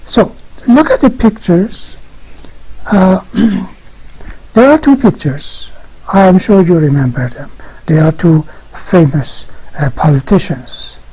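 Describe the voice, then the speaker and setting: Slow, husky English teacher. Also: mid-range voice, animated, mellow, low-quality recording. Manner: slow, deliberate explanations that read out example dialogues. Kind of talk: explaining a textbook lesson.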